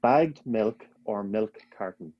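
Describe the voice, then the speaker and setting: A man hosting a podcast, firing off quick playful questions and laughing easily. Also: fairly low pitch, expressive, no echo, highs cut off. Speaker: podcast host. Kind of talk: rapid-fire interview questions.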